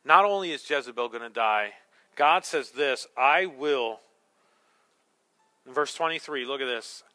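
A man preaching a sermon as pastor, swinging between hushed, slow words and loud, emphatic ones. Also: medium pitch, animated, soft background music.

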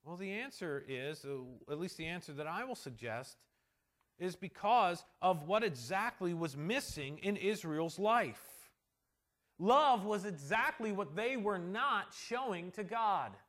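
A man with a high voice preaching a sermon as a pastor. He talks earnestly and slows down to press home the verses he quotes. He drops into quiet asides and then rises to loud emphasis. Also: animated. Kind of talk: expository sermon.

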